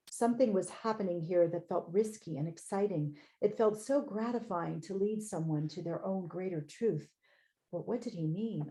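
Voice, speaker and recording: A woman author reads from her own memoir over a home computer mic on a video call, measured and reflective, adding brief personal asides. Her voice is lowish, creaky, and dark in tone.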